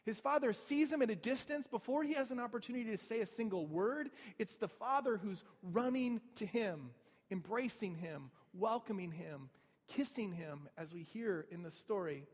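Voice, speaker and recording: A man's voice: high voice, lively intonation, moderate pace, big-room sound. A man preaching a sermon in a conversational way, with rhetorical asides to the listeners.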